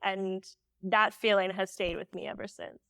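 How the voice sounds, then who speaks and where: A woman guest on a podcast telling a story candidly, animated and full of "like" fillers. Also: medium pitch, normal speed, clear, resonant tone, no echo, studio quality. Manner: emotional when recalling.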